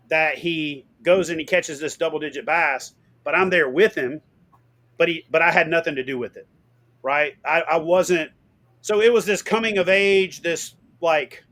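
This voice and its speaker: A middle-aged man telling fishing stories in a casual interview, animated and swearing, acting out what people said. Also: fairly high pitch. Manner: animated, swearing, acts out quotes loudly. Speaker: guest.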